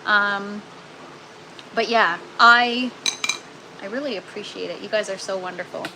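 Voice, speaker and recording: A woman's voice: medium pitch, a little slow, background noise. A woman hosting a casual gardening live stream from an indoor grow tent, chatting with viewers and using lots of ums and "you guys.".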